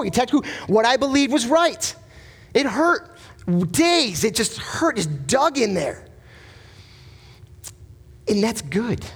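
Male pastor, high voice, earnest emphatic sermon delivery, rhetorical questions. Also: breathy edge.

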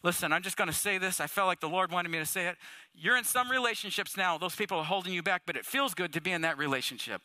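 Pastor guy preaching, really high bright voice, chatty and animated, dry sound. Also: fast, no room sound. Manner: animated, conversational preaching with rhetorical questions. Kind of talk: sermon.

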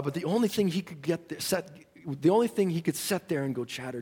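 Male preacher, folksy and dramatic, slightly high voice, reverberant hall recording. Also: lively intonation, brisk, husky. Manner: folksy storyteller, swings from hushed to shouting. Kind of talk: sermon storytelling.

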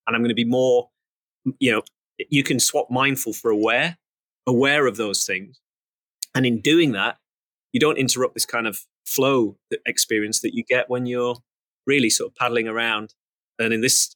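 Male podcast co-host, rambling, reflective, philosophical, bright forceful tone, dry close sound. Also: medium pitch, no room sound. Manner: rambling, many fillers and restarts, philosophical. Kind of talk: reflective conversational chat.

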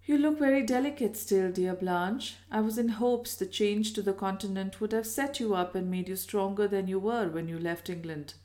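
A woman's voice: mid-range voice, moderate pace, few pauses, dark tone, natural voice. A woman reading aloud and voicing a chatty, solicitous hostess who fusses over her guest.

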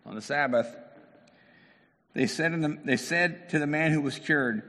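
A male pastor giving a lively, conversational sermon. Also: medium pitch, a little fast. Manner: animated, conversational preaching. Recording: long hall reverb.

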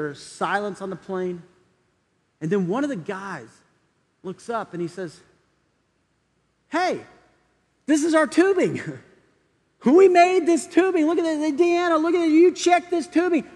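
A man's voice: sits high, big-room sound. A man preaching a sermon, telling a story and acting out the voices in it before urging his listeners on. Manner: storytelling, acting out quoted voices, building to urgent appeals. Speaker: pastor.

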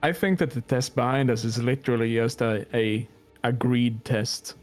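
A man's voice: medium pitch, fairly even intonation, normal speed, faint music behind. A man playing in a tabletop game who speaks plainly and thinks aloud. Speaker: player. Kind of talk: tabletop role-play.

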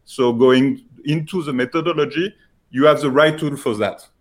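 Pitching his own software, a man from France talks in a French accent, hesitating often and using many filler noises.

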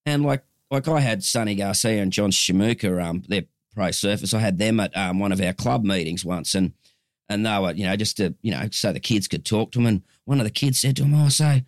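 Australian man in his fifties, lowish pitch, dry close mic, chatty guest who tells stories with lots of restarts. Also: a little fast, no room sound. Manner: chatty storyteller, rambling with restarts. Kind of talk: casual chat.

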